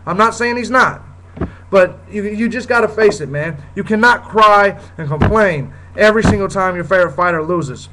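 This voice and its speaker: Against a noisy background, a show host with a high-pitched voice rants at a normal speed. The commentary is heated, blunt, repetitive and full of swearing, with "you know what I'm saying" coming up again and again.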